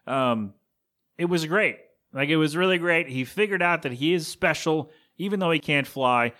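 A man's voice: fairly high pitch, lively intonation, moderate pace, pushed and bright. A man hosting a podcast in a casual, rambling chat, teasing himself as he talks. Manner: rambling and self-mocking. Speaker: podcast host.

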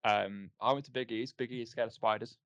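A man's voice: medium pitch, fairly even intonation, a little fast, fairly bright tone, no echo, muffled recording. A man co-hosting a casual podcast, recapping things with filler ums and acting out lines. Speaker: podcast co-host. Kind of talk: casual chat review.

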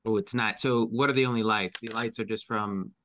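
A man's voice: on the low side, steady tone, fairly quick, a bit bright, slight background noise. A man playing a tabletop game, asking hesitant questions about his scene. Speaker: player.

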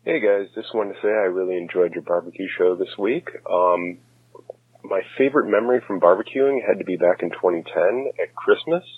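A man's voice: low-pitched, brisk, slightly rough, dry recording. A man leaving a brief, friendly voicemail for a podcast. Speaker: voicemail caller. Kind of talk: casual voicemail message. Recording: tinny phone line.

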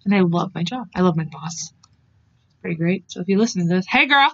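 A woman in her twenties co-hosting a podcast, chatting casually in a bubbly, excitable way and swearing freely. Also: fairly low pitch, fairly quick. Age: 20s. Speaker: podcast co-host. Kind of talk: casual chat. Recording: dull, lo-fi dry sound.

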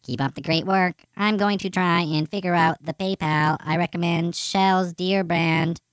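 A man doing a stiff, slow-talking robot. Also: fairly high pitch, fairly even intonation, fairly bright tone, clear, resonant tone, no echo, voice pushed up. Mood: flat robotic. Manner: slow, stilted, evenly paced delivery. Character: monotone robot reading a fan letter. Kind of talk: mock robot reading.

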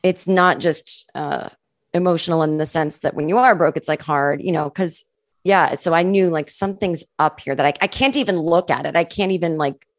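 Woman comic guest rambling through stories, says like a lot, lowish voice. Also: normal speed, no room sound, studio quality. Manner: chatty, fills speech with "like", acts out quoted people. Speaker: guest comedian. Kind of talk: casual podcast interview storytelling.

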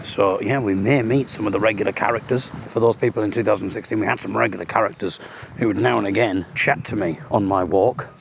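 Low-voiced man rambling on a walk. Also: quick pace, creaky, slight background noise. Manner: chatty, self-mocking, jokey asides. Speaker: audio blogger. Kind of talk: rambling comic monologue on a walk. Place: outdoors walking along a road.

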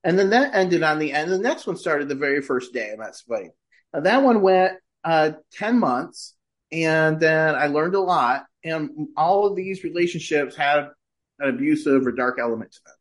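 A middle-aged man, a podcast guest, telling a personal story in casual conversation and lifting his voice when he quotes himself. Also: normal speed. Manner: animated, shifts pitch when quoting himself.

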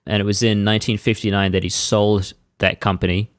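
A man hosting a podcast, retelling a story in relaxed, casual conversation. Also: fairly low pitch, fairly quick, dry recording, studio quality. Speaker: podcast host telling the story. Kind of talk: casual chat.

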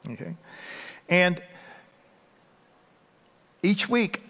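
A man's voice: high voice, wildly swooping pitch, drawn-out words, fairly bright tone. A man with a Texas accent preaching a sermon in a folksy, conversational way with asides. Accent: Texan. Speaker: pastor. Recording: long hall reverb.

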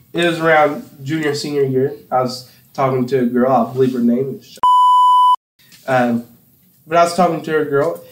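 A young man from Campbell County, Tennessee, hosts a casual podcast, laughing often as he spins rambling anecdotes in a slightly high voice. The recording is very noisy and echoey.

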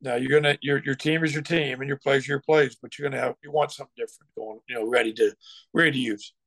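A man's voice: medium pitch, steady tone, fast talker, creaky, a bit bright, no echo. An older man who used to coach football, talking casually in an interview, rambling with lots of restarts and getting fired up as he tells stories. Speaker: former football coach, guest.

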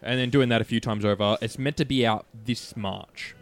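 A man's voice: medium pitch, fairly even intonation, moderate pace. A man co-hosting a gaming podcast, chatting casually in loose, rambling sentences full of fillers. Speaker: podcast co-host. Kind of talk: casual chat.

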